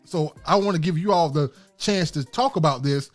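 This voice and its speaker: A man's voice: on the high side, normal speed, soft background music. Man with a lightly raised voice. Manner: lively storytelling, laughs often. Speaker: podcast co-host. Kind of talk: casual chat.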